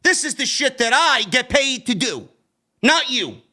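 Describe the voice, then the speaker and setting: A ranting man with a New York accent, his voice high and sharply bright as it leaps all over. He reviews a wrestling show in a profane, combative way, throwing in sarcastic jabs. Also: animated, moderate pace.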